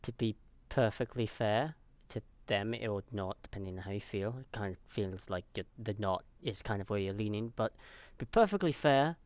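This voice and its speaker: A man playing a calm Vulcan officer. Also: lowish voice, no room sound, natural voice. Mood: measured. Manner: measured, matter-of-fact explaining. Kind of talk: tabletop role-play in character.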